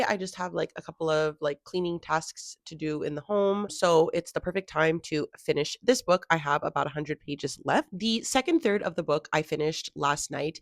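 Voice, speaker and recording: A woman's voice: deep voice, no room sound, clean studio sound. A young woman chatting casually in a reading vlog, talking about a book with lots of filler words. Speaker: book vlogger.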